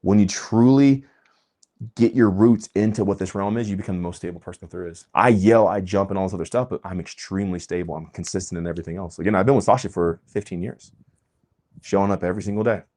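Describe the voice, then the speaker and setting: A man giving an impassioned, preachy monologue as the host of his own channel. He talks emphatically, swinging between loud bursts and quiet asides. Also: sits low, quick pace. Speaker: vlogger host.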